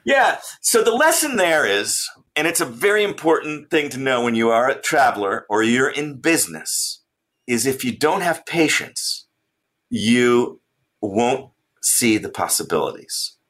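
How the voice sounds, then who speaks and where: A man, an author and traveler, telling a travel story as a guest in an interview, animated and laughing often. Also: mid-range voice, a little slow.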